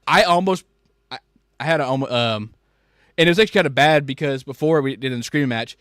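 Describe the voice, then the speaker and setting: A man telling a work story in casual chat, animated and profane, jumping between loud rants and quiet asides. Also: mid-range voice, quick pace, smooth, no echo, clean studio sound. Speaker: podcast host.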